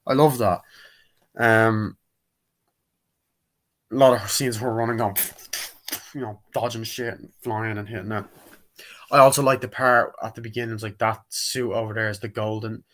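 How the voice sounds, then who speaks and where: Pausing often, a man with a fairly low, steady and fairly bright voice talks at a normal pace through a casual movie review. He wanders from point to point, retelling scenes and voicing characters' lines in put-on voices.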